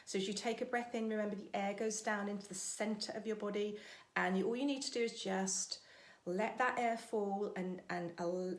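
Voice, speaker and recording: A woman vocal coach leading an online singing lesson, giving breathing and warm-up instructions in a chatty, encouraging way. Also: mid-range voice. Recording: echoey room with faint music.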